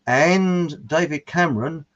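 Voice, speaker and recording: A man's voice: a little high, slow pace, fairly bright tone. A man hosting a casual chat, reading out viewer comments in a rambling way and chuckling at his own jokes. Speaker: show host. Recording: muffled lo-fi audio.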